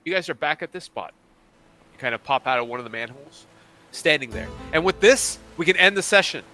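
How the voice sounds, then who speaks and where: Guy running a d&d game, animated, stumbles over words, music in the background. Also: a little high, fairly quick. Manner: rambling, self-correcting narration. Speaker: dungeon master. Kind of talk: narrating a tabletop game.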